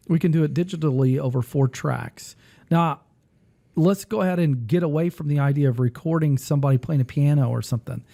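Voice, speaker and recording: Gravelly man demoing music software. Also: on the high side. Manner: rambling, thinks aloud while clicking through software. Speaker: music teacher and podcast host. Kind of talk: casual demo talk.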